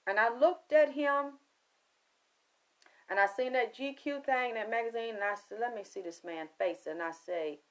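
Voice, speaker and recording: A woman's voice: fairly high pitch, moderate pace, a little hiss or hum. A woman psychic reader, telling a story in a casual monologue, cursing often and quoting herself and others. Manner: profane, emphatic, quotes herself and others.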